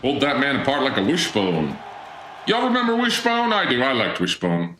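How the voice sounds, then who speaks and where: A man's voice: mid-range voice, huge pitch swings, normal speed, pushed and bright. A man hosting a live gameplay stream, bantering playfully with chat and playing up a mock-grand persona. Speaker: streamer, channel host. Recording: roomy echo with game music underneath.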